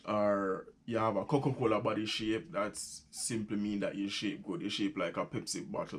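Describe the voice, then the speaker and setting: A man's voice: on the low side, fairly even intonation, a little fast, few pauses. A young Jamaican man with a Jamaican accent, chatting casually as he explains local sayings, laughing often and repeating phrases. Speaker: vlogger teaching patois.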